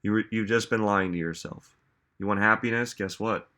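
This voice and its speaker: A man with a fairly low, bright and forceful voice gives a self-help talk. He muses aloud and keeps posing rhetorical questions. His pace swings between quick runs and slow, stressed words. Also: steady tone. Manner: musing, asks many rhetorical questions. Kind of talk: reflective motivational talk.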